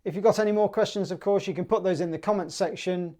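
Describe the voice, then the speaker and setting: A man with a British accent teaching a clarinet piece in a relaxed, chatty way, sometimes singing the rhythms in syllables. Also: sits high, fast. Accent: British English. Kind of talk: relaxed music tutorial.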